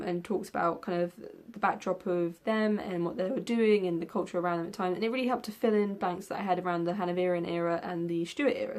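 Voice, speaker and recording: A woman's voice: lowish voice, darkish tone. A young woman chatting casually in a book vlog tag video, rambling with lots of ums and the odd yawn. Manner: rambling, with many ums and yawns. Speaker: book vlogger.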